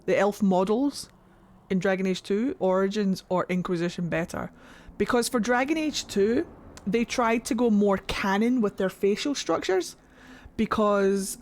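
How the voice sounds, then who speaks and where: A woman's voice: medium pitch, expressive, a little slow, darkish tone. A woman streaming a game, chatting in a goofy, rambling way to her viewers. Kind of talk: casual gameplay commentary. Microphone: desk microphone.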